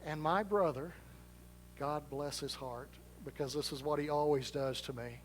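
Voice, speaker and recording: A man delivers a sermon from a church sanctuary, his voice sitting a little high for a man. Long reverb from the large hall trails behind each phrase. He preaches in a chatty, self-deprecating way. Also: moderate pace, slight background noise. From Arkansas, US. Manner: conversational, self-deprecating storytelling. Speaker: pastor.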